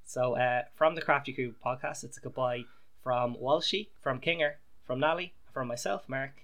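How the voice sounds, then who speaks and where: A man's voice: mid-range voice, normal speed, a bit bright. A man from Ireland hosting a podcast, joking wryly as he wraps up the episode. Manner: joking, wry. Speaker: podcast host. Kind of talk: casual chat.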